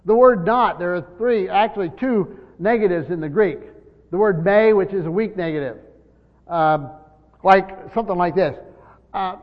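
A man's voice: high-pitched, moderate pace. A man preaching a verse-by-verse sermon as a pastor, earnest, often repeating words and leaning hard on key words. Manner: earnest, repeats words, stresses key words, voices imagined speakers. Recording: dull lo-fi church hall recording with long reverb.

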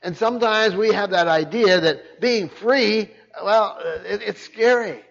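An older pastor preaches with a fairly high voice, pressing his points hard and circling back over his words as he goes. The recording sounds muffled and low-fidelity. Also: a little slow, vocal fry. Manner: repeats words and restarts, emphatic. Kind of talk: sermon.

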